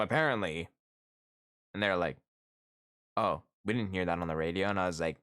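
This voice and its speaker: Animated storytelling man streamer. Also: fairly low pitch, fairly quick, pauses often, clean tone. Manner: animated storytelling, acts out quoted coworkers. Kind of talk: casual chat with viewers.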